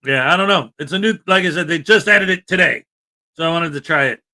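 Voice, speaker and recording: High bright guy hosting a morning stream, reading out names, chatty. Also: brisk. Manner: greets viewers by name, chatty and upbeat. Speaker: livestream host. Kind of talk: casual livestream chat.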